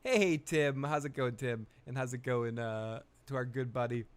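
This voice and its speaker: This smooth, mid-range male voice moves at a moderate pace as a live TV recap host, retelling scenes in crude, joking, rambling casual commentary.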